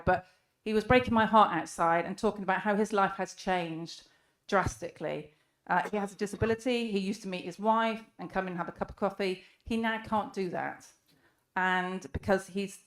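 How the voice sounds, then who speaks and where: Earnest woman giving a speech. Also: medium pitch. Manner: rhetorical questions, emphatic and earnest. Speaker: speaker at a public debate. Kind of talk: impassioned public speech. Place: live event in a room.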